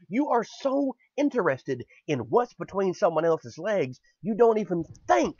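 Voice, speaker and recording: A man's voice: sits high, very animated, normal speed, few pauses, a little mellow, slightly rough, dry recording. A man hosting a podcast, delivering an angry, profane political rant in furious bursts. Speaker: podcast host. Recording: dull lo-fi podcast audio.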